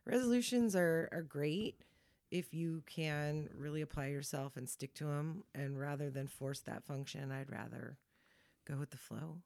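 A woman's voice: sits low, a little slow, vocal fry, a little mellow, dry recording. A woman in her forties co-hosting a podcast in casual chat, upbeat, laughing often and acting out quoted lines. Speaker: podcast co-host.

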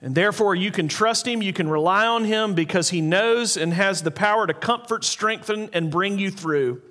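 A man with a notably high voice delivers an earnest sermon. He slows down to stress key points and repeats important lines. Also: sharp tone. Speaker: pastor.

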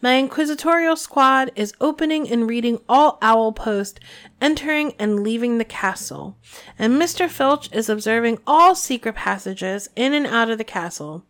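A woman's voice: fairly high pitch, expressive, normal speed, fairly bright tone. A woman reading aloud, voicing a cruel, sweet-talking headmistress with prim, cold threats. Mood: sweetly menacing. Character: sugary, cruel, power-hungry headmistress.

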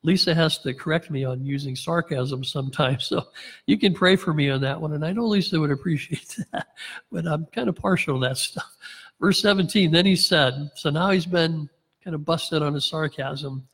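A man's voice: on the high side, normal speed, fairly bright tone, slightly rough, big-room sound. A man preaching as a pastor, reading scripture aloud and acting out the characters' lines with wry sarcasm and chuckles. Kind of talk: sermon.

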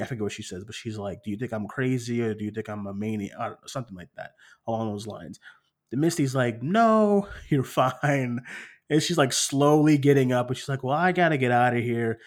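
A man's voice: medium pitch, normal speed. Chatty man recapping a film. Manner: animated storytelling, acting out scenes, frequent fillers. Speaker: podcast co-host. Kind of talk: casual chat recapping a film.

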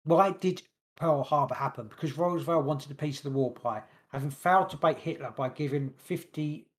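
A man hosting a podcast, reading long passages from his notes quickly and stumbling over words now and then. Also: a little high. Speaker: podcast host. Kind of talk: casual podcast chat, reading notes aloud.

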